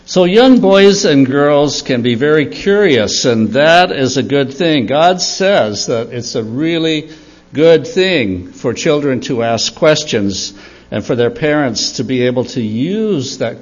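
An older man giving a storytelling sermon for children at church, animated and chuckling as he tells it. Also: medium pitch, dull audio. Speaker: church speaker.

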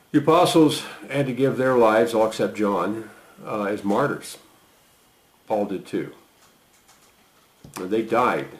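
Preacher with a roomy echo. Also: male voice. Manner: lifts voice to read quoted lines, drops low for reflection; conversational asides with fillers. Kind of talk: sermon reading and explaining scripture.

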